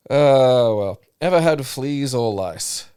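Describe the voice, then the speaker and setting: A man's voice: medium pitch, slow pace, smooth, no echo, studio quality. A man with an Australian accent, co-hosting a podcast in casual, rambling, sweary chat. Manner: sweary, rambling, animated storytelling. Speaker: podcast co-host.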